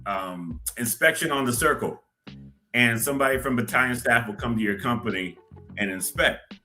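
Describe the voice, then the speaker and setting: A middle-aged man, a guest on a podcast, chatting casually and haltingly with frequent fillers. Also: mid-range voice, bright, forceful tone, faint music behind. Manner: halting, lots of "you know" fillers. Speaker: guest, former cadet. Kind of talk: casual interview chat.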